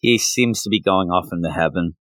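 Recapping a manga chapter with his podcast co-host, a man talks casually and with animation about its scenes. His low voice moves fairly quickly, with a fairly bright tone and no room sound.

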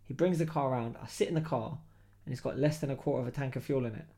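Guy chatting on his podcast mic, slangy and animated, mid pitch. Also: racing. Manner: animated, slangy, laughs while telling stories. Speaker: podcast host. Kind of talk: casual storytelling chat.

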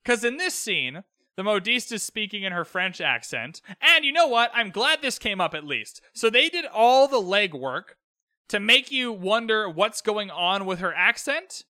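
Bright, high-voiced man ranting casually. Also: very animated, a little slow, dry recording, clean studio sound. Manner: opinionated, exasperated, rambling with asides. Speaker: podcast host recapping a TV episode. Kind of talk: casual solo recap podcast.

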